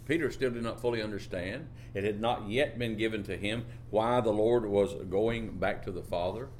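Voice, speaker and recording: A man preaching a sermon, drawing out phrases and lifting his pitch on key words, reading scripture in old-fashioned wording. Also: normal speed, a little mellow, a little hiss or hum. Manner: reads scripture in King James wording.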